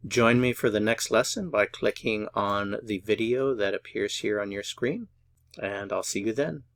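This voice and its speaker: A man teaching a beginner language lesson, patiently repeating each phrase slowly and carefully. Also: fairly low pitch, vocal fry, fairly bright tone, no room sound. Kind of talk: slow, syllable-by-syllable pronunciation lesson.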